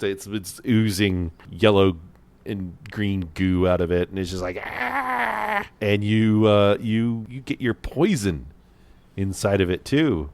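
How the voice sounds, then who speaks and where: A man's voice: deep voice, no room sound. A man narrating as game master of a tabletop game, rambling through his descriptions with lots of fillers and restarts.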